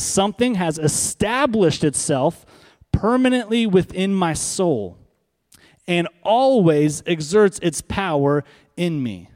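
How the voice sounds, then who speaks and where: A man preaching a sermon as pastor, stressing and repeating key words and slowing down for emphasis, speaking in a church sanctuary. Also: a little high, a little mellow. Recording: long hall reverb.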